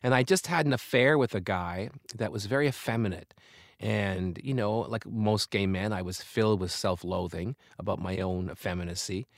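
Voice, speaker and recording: A man's voice: fairly low pitch, normal speed, vocal fry, no room sound, clean studio sound. An older man, a comedian and author, telling candid, reflective stories as an interview guest. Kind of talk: conversational interview.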